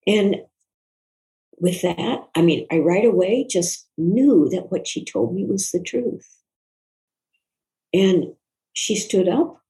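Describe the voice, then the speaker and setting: An older woman, a guest author, recalling a personal story in an interview in a reflective, soft-spoken, earnest way. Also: medium pitch, slow pace, long pauses, poor audio.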